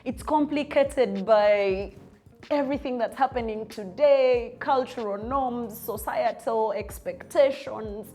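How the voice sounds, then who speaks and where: A woman's voice: fairly high pitch, takes it slowly, warm tone. A young woman hosting her own show, speaking straight to listeners with eager energy and repeating words for emphasis. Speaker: host. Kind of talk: conversational monologue.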